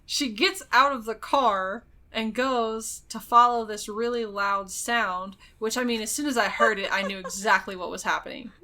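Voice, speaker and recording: A woman's voice: a little high, steady tone, normal speed, hardly any pauses, pushed and bright. A woman co-hosting a podcast, casually retelling a film's plot with lots of fillers and little laughs. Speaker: podcast co-host. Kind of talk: casual movie recap chat.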